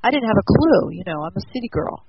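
A woman in her fifties talks in a soft, wandering voice, looping back over her words as she tells a story. The recording sounds dull and muffled. A steady hiss of noise runs underneath her. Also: medium pitch, fast talker, vocal fry. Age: 50s. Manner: meandering, repetitive, soft-spoken. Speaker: guest. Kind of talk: casual spiritual storytelling.

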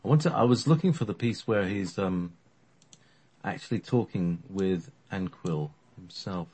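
A man with a low, husky voice tells a story offhandedly. He rambles, stumbles over words, and fills gaps with ums and uhs. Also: measured pace, dark tone. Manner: rambling, with many fillers and restarts. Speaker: podcast storyteller. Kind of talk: casual storytelling chat.

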